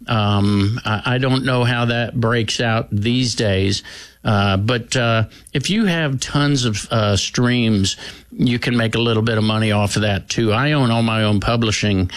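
A man, a singer appearing as a guest, chatting in an interview with dry, self-mocking humor and many halting restarts. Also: medium pitch, dry recording. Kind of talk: casual interview chat.

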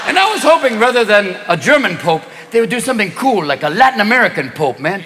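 Animated, profane stand-up comedian man. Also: high-pitched, fast, hardly any pauses, a little hiss or hum. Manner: profane, animated, jumps into voices. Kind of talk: stand-up routine. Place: stage in a large hall. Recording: live hall with loud crowd. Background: laughing audience.

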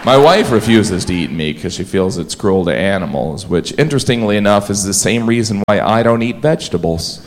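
Dry deadpan comic guy on stage, audience laughing, bit of noise. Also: on the low side, a little fast, hardly any pauses. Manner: dry deadpan delivery, silly voices for quoted people. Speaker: stand-up comedian. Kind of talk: stand-up comedy set. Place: comedy club stage. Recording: live club set with crowd laughter and noise.

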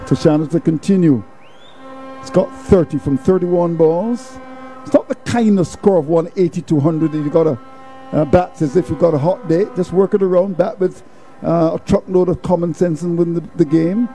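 Dark-voiced male cricket commentator. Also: on the high side, normal speed, faint music behind. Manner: folksy, proverb-quoting, steady play-by-play. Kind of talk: ball-by-ball commentary.

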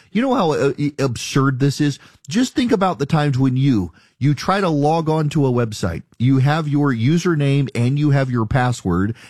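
A man's voice: medium pitch, darkish tone, no room sound. A man hosting a talk radio show, delivering an emphatic, argumentative monologue in the studio. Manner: emphatic, argumentative, mocking callers' objections.

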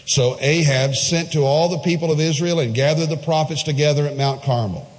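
A man's voice: fairly high pitch, brisk, long reverb tail. A man preaching a sermon, retelling a story emphatically with asides to the listeners.

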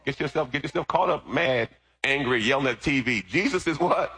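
Bright, husky preacher calling to his flock. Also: medium pitch, animated, a little fast. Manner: call-and-response questions to the congregation. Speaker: pastor. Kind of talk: sermon.

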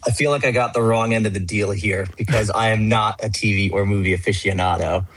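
A man's voice: lowish voice, fairly even intonation, fairly quick, fairly bright tone, no room sound, rough recording. A male quiz contestant who muses and doubts himself aloud before answering. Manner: musing, self-doubting, thinks aloud.

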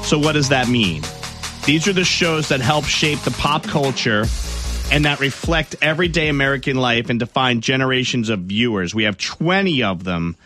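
A man's voice: mid-range voice, animated, normal speed, pushed and bright, soft background music. A man hosting a morning radio show, chatting casually with rambling asides and easy laughs. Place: dry radio studio.

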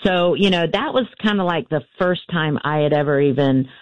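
A woman's voice: low voice, no echo. Woman telling a family story, dry lo-fi sound. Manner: halting, many fillers and restarts. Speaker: interview guest. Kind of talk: storytelling in conversation.

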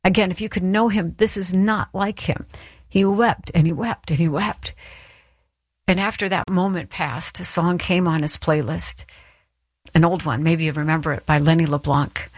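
A woman's voice: fairly low pitch, moderate pace, dry recording. Earnest woman giving a devotional talk. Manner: earnest, encouraging, storytelling. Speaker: Christian speaker. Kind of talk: devotional teaching.

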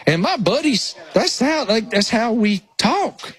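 A man's voice: very high voice, a little slow, slightly rough. A man with a thick rural Appalachian accent, co-hosting a sports radio show, telling self-mocking stories in casual banter. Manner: animated storyteller, self-mocking. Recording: remote link with crowd noise behind.

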